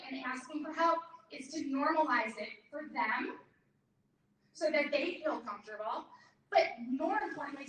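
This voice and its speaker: A woman giving a live workshop talk to an audience, animated and acting out other people's lines in a higher voice. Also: a little hiss or hum. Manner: animated, acts out her mother's lines in a higher voice. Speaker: workshop presenter. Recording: echoey room, far from the mic.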